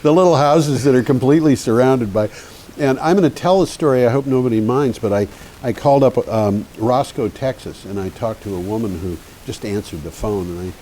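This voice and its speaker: New male co-host, low mellow voice, lively storyteller, slight tape hiss. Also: fairly quick. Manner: chatty, laughs often, tells stories. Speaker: co-host of an energy news show. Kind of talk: casual news discussion. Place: community TV studio. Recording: faint hiss.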